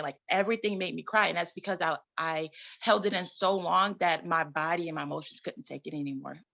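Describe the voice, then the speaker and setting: Gravelly, bright-toned woman guest. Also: lowish voice, highs cut off. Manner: repetitive, emphatic, laughs often. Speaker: guest, trauma recovery coach and community founder. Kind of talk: conversational interview.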